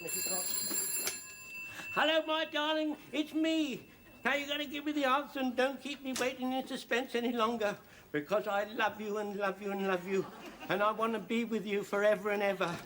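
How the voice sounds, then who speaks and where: An actor playing an excitable, flustered elderly soldier who repeats himself, in a 1970s sitcom style. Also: male voice, high-pitched, normal speed, a little hiss or hum. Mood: lovestruck.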